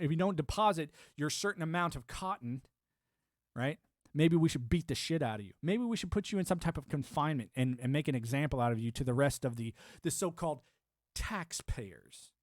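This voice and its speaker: A man's voice: a little high, dry recording, clean studio sound. A man hosting a live stream, giving a rambling, sarcastic political rant and mocking other people's views. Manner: sarcastic, ranting, mocks others in put-on quotes. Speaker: livestream host.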